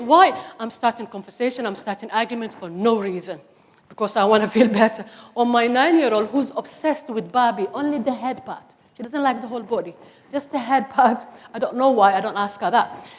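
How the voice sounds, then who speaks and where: A woman's voice: on the high side, fairly quick. A woman in her forties with a Somali accent, giving an earnest, emphatic personal testimony on stage with humorous asides. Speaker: speaker. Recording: long hall reverb on stage.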